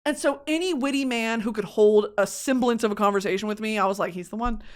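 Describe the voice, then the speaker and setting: A woman from Texas with a Texan accent, hosting a podcast and telling a comedic story in an animated, profane way, laughing often. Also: fairly high pitch, fast. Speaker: podcast host.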